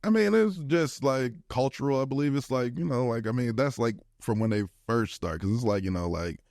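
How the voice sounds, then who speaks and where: A man's voice: medium pitch, brisk, darkish tone, dry recording, clean studio sound. A young man co-hosting a casual podcast, rambling in slangy talk with lots of "like" fillers. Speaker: podcast co-host. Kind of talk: casual chat.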